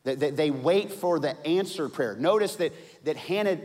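A man's voice: on the high side, normal speed. Preaching man in a reverberant hall. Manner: animated, acts out quoted voices. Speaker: pastor. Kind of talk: sermon.

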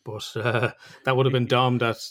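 A man co-hosts a podcast at a middle pitch, full of banter and quick to laugh. He chats loosely with his friends around the mic. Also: little pitch movement, a bit bright. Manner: jokey banter, laughs a lot. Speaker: podcast co-host. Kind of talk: casual podcast chat.

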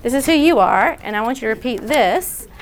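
Woman running a lively workshop indoors, directing volunteers, slightly high voice. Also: a little hiss or hum. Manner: chatty, directs volunteers, quick asides. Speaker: workshop speaker. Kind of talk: interactive workshop session. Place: indoor room.

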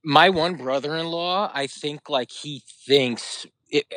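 A man's voice: a little high, takes it slowly, pushed and bright, no echo. A man in casual chat, speaking hesitantly and trailing off.

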